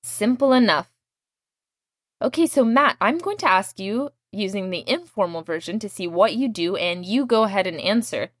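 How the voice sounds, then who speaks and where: A female language teacher guides her student through vocabulary. She explains patiently and clearly, and she models each word so he can repeat it. Her voice sits at a middle pitch, and the recording is dry and close. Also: animated, moderate pace, dry recording. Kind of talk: language lesson.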